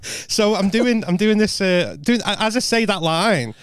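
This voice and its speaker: Male comic, casual anecdote delivery, stop-start and profane, slightly high voice, close dry sound. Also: lively intonation, measured pace, clear, resonant tone, no room sound. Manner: stammering restarts, heavy swearing, laid-back. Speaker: stand-up comedian guest. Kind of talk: casual podcast storytelling.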